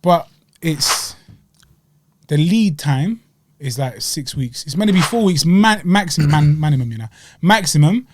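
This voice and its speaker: Young London man telling a lively story. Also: fairly high pitch, unhurried, slight background noise. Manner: animated storytelling with slang and acted-out quotes. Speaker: podcast co-host. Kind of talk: casual chat.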